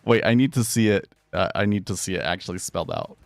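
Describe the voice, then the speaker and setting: A man's voice: low-pitched, sing-song, fast, gravelly. A man casually chatting and rambling through a live day-trading stream, laughing often.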